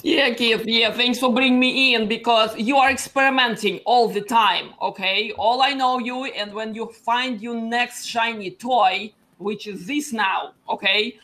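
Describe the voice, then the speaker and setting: Playful Russian-accented woman guest on a video call, bright-pitched, teasing the host. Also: fairly even intonation, measured pace, hardly any pauses. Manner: playful, teasing, tags "okay?". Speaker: panel guest. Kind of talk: casual panel chat.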